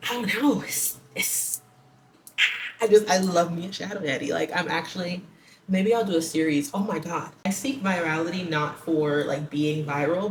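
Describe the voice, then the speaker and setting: A young woman vlogging casually from her home kitchen, rambling and gushing excitedly with many fillers. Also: fairly low pitch, roomy sound, slight background noise. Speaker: book vlogger. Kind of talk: casual reading vlog chat.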